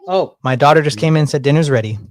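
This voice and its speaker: A man's voice: fairly high pitch, fast, dry recording. A man in his thirties hosting a podcast, chatting casually in a rambling, laid-back way. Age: 30s. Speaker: podcast host.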